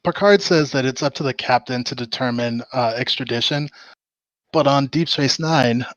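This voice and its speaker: A man in a casual group chat, questioning details and spotting what does not add up. His voice is mid-pitched and sounds dry and close. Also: moderate pace, no room sound, poor audio. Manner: inquisitive, points out inconsistencies. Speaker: watch-along participant. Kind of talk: casual chat over a voice call.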